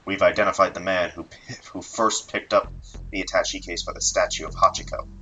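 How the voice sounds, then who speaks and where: A man voicing a businesslike male police director giving a crisp briefing over the radio. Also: deep voice, fairly even intonation, a little fast, sharp tone, lo-fi sound, slight background noise.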